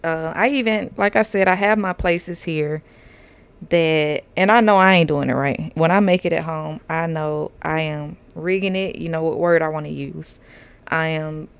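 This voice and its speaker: A low-pitched, smooth female voice at normal speed belongs to a podcast host in her thirties giving a casual monologue. She drawls loosely, leans on fillers, laughs often, and is candid and profane throughout.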